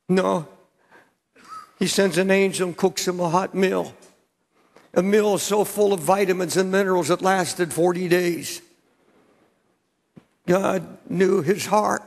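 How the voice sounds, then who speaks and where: Older man preaching, gravelly, high-pitched. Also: fairly even intonation, slow, pauses often. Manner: impassioned, repeats words when pressing a point. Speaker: pastor. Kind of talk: sermon. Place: large church sanctuary. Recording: church hall with long reverb.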